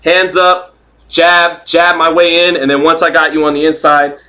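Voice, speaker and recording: A man hosting a casual livestream, rambling, joking and reading chat comments out loud. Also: on the high side, level tone, normal speed. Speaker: livestream host.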